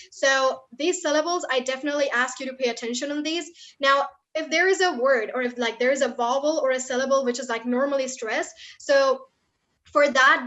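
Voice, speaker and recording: A young woman with a high voice talks quickly and casually, leaning on fillers as she explains things. Her voice comes through a video call with dull, lo-fi sound. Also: fairly bright tone. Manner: quick, chatty, many fillers like "like" and "you know". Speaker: guest speaker. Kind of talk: online Q&A session. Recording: dull lo-fi online call audio.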